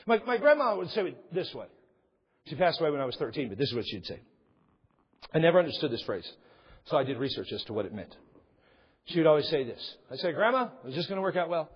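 A man's voice: fairly high pitch, big pitch swings, quick pace, long pauses, husky. A man preaching a sermon emphatically, repeating key phrases for weight, with an aside now and then. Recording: long reverb, dull lo-fi sound.

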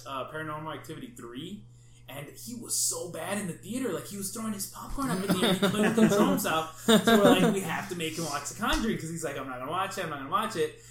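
A man hosting a podcast, telling funny stories in casual chat, acting out his friends' reactions and swearing freely. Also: on the high side. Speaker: podcast host. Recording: echoey room, faint background hum.

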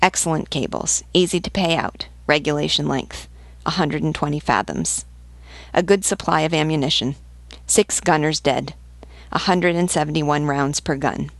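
A woman reading the lines of a dutiful male officer giving a brisk report to his captain. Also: sits low, vocal fry, no room sound.

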